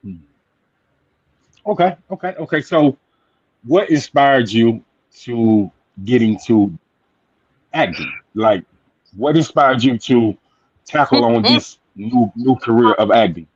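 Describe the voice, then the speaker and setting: A man hosting a casual interview show, repeating short affirmations in a relaxed way. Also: medium pitch, takes it slowly, pauses often, slightly rough, no echo. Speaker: talk show host. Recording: dull lo-fi, dry sound.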